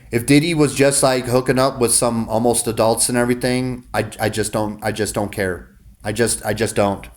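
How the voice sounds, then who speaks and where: A man delivering a casual, rambling monologue to his viewers, cursing freely and restarting his sentences often. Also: medium pitch. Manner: rambling, profane, many restarts. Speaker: vlogger.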